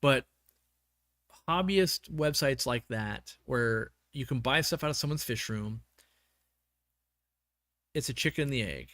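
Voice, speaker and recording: A man's voice: medium pitch, expressive, unhurried, long pauses, a bit bright, no echo, clean studio sound. A man hosting a casual livestream chat, rambling and often restarting his sentences, saying he is losing his voice. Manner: rambling, self-correcting, with many restarts. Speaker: livestream host.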